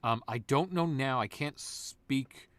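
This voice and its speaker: Animated man telling stories, dry sound. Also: medium pitch, takes it slowly, dry recording. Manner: animated storyteller, slips into voices. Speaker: guest voice actor. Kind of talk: casual interview chat.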